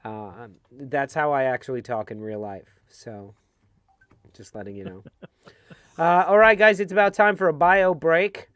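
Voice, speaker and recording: A man's voice: on the high side, unhurried, fairly bright tone, smooth, no room sound, studio quality. A middle-aged American man co-hosting a football fan show, chatting casually and laughing often over a video call. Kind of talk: casual chat.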